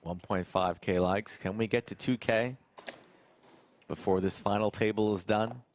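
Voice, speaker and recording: A man's voice: lowish voice, fairly even intonation, a little slow. A man doing live poker commentary from a commentary booth, joking with the live chat between hands. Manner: jokey, banters with live chat.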